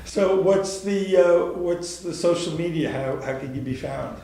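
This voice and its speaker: A man with a Southern US accent interviewing a guest, asking halting questions full of fillers. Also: on the high side, vocal fry, warm tone. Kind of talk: casual interview. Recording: very echoey room.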